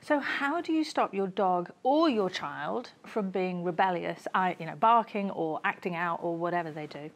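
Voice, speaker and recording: Lively, low-voiced woman host. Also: moderate pace, few pauses. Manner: engaged, laughs readily, short agreements. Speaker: interview host. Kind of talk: casual interview.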